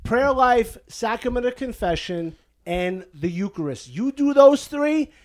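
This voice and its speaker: A man, a Catholic priest hosting a podcast, giving animated, playful advice and slipping into a put-on Italian-American lilt. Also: very high-pitched, measured pace. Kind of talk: casual podcast advice chat. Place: basement living room at home.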